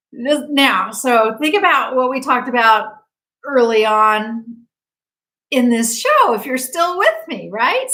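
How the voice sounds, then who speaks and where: Animated woman telling a story. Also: fairly high pitch, low-quality recording. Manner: animated, acts out quoted speech; chatty, many fillers. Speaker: quantum healing practitioner. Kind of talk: casual storytelling monologue.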